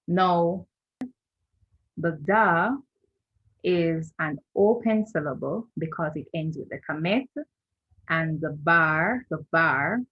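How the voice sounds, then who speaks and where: Low voiced woman walking through a lesson on screen share, slow and patient, kinda muffled audio. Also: slightly rough. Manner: patient, repeats terms and checks with "right?". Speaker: language teacher.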